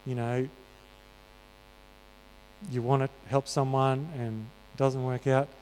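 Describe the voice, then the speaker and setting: A man's voice: medium pitch, level tone, slow pace, darkish tone, a little hiss or hum. A man preaching a sermon in a church, talking in an earnest, conversational way with many fillers. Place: church hall. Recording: reverberant church hall.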